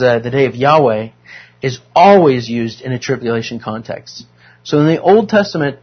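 A man's voice: medium pitch, husky, muffled recording. A man leading a Bible study class, talking conversationally and asking the group questions.

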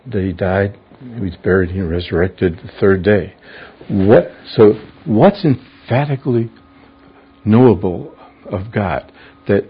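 A man leads a Bible study in a husky, deep-set voice, working through word meanings at an unhurried pace. He checks in with his class by asking them questions. The recording is dull and lo-fi. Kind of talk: verse-by-verse Bible study teaching.

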